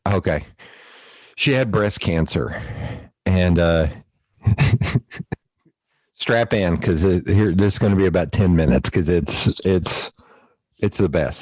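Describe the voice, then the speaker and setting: Deep-voiced man telling stories. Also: dry recording, low-quality recording. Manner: animated, laughs often while telling family stories. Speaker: podcast host. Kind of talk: casual storytelling chat.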